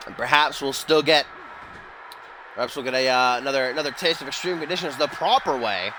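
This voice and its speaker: Young man, bright forceful voice, excitable wrestling play-by-play, faint hiss behind. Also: fairly high pitch, a little fast. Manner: excitable, rises to near-shouting on near-falls; casual asides and swearing between calls. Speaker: play-by-play commentator of a wrestling video game. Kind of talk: play-by-play commentary.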